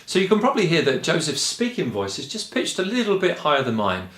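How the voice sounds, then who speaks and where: Chatty English baritone singing teacher. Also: male voice, huge pitch swings, fast, fairly bright tone, roomy sound. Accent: Kent English. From England. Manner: chatty and rambling, with frequent ums and light laughs. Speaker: choir director and singing teacher. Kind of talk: relaxed spoken lesson.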